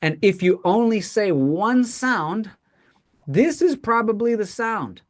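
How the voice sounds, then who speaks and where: A teacher leading a classroom pronunciation lesson, modeling words slowly and checking in with "right?" often. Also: mid-range voice, animated.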